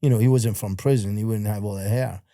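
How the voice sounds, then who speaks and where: A middle-aged man telling prison stories as a podcast guest, full of swearing and repeated fillers, acting out other people's shouts. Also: lowish voice, fairly even intonation, quick pace, no echo, clean studio sound. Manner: profane, acts out other people's shouted lines; rambling, repeats filler phrases. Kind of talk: casual storytelling.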